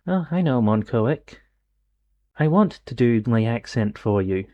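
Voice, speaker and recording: A man's voice: medium pitch, animated, a little slow, mellow, lo-fi sound, natural voice. A man putting on a teasing French mercenary. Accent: put-on French. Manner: playful, theatrical, mock-polite.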